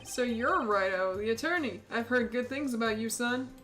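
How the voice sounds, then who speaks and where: A woman voicing a jovial middle-aged male police chief who talks in a slow, booming, folksy way. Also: a bit bright, soft background music, close to an everyday voice. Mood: jolly.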